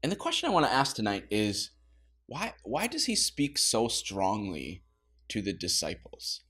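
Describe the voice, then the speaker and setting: A man's voice: on the low side, sing-song, normal speed, bright, forceful tone. A man pastor leading a casual Bible study, talking conversationally with laughing asides.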